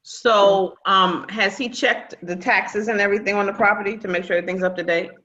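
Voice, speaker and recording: A woman's voice: mid-range voice, steady tone, fairly quick, sharp tone. A woman from Brooklyn, hosting a real estate training call in a chatty coaching manner. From Brooklyn, New York. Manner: chatty, repeats phrases, coaching tone. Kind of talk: casual online training call. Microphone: video call. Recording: dull lo-fi video call audio.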